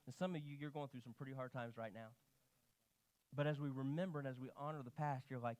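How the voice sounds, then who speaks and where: A man's voice: medium pitch, fairly quick. A man preaching in a church, telling stories with animation and quoting people in his own voice. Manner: animated storytelling, quoting himself and others. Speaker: pastor. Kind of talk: sermon. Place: church sanctuary.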